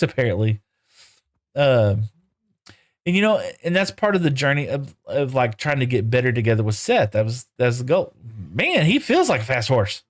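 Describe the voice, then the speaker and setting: A man live streaming a game, chatting casually, answering viewers and talking to the animals in playful broken baby-talk. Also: mid-range voice. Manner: answers chat messages aloud while playing.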